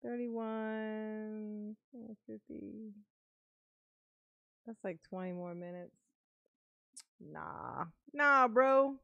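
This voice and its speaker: A woman's voice: fairly low pitch, expressive, slow pace, gravelly, long pauses, bright, forceful tone, no room sound, highs cut off. A woman hosting a casual livestream, teasing and laughing often, fondly calling herself Mama to her viewers. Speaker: livestream host. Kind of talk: casual live-stream commentary.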